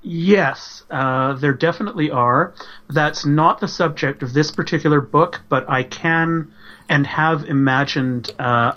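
A male novelist answers interview questions in a measured, thoughtful way. His voice comes through a dull, slightly muffled line. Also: medium pitch, a bit bright. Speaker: novelist guest. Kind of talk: casual interview.

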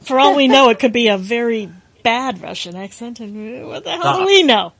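A woman voice actor on an interview panel, talking in a quick, wry, joking way. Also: fairly high pitch, lively intonation, a bit bright.

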